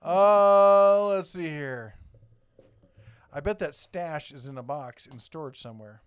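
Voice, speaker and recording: A man with a fairly high voice, in his thirties, hosts a casual live chat and rambles along with a joking, teasing air. He is recorded close and dry, with no room sound around him. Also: slow pace, clean tone, no room sound. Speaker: live stream host.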